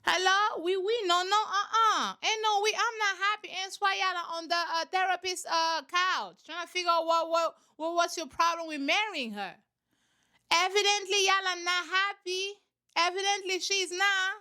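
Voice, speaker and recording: A woman's voice: very high voice, steady tone, normal speed, pushed and bright. A young woman host giving blunt, sassy commentary on a reality show, with laughing asides. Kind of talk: casual reaction commentary.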